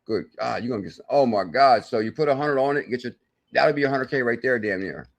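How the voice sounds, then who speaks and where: A man hosting a live crypto stream, talking in an excitable, salesy way with loud outbursts, thinking aloud as he works through sums and reads the viewer chat. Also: medium pitch, fast talker, gravelly. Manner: thinks aloud while doing sums and checking charts. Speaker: crypto channel host.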